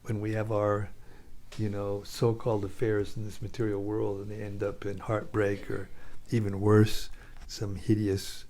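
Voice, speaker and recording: A man's voice: on the low side, monotone, measured pace, warm tone. A man giving an informal scripture talk, storytelling casually and chuckling often. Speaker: scripture class speaker.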